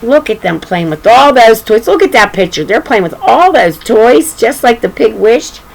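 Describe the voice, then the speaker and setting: A woman's voice: on the high side, animated, moderate pace, vocal fry, a little hiss or hum, low-quality recording. An older woman reading a picture book aloud to children, chatting affectionately and pointing out the pictures. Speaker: story reader.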